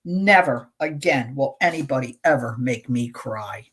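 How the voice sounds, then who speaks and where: A middle-aged woman hosting a community radio show, reading poems aloud slowly and deliberately, with casual chatty asides between them. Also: extremely low pitch, expressive, slightly rough.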